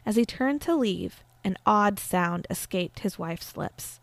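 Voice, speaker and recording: A woman's voice: mid-range voice, animated, slow, gravelly, no room sound. A woman hosting a podcast, telling a true-crime story in a chatty, casual way with frequent fillers. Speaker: podcast host.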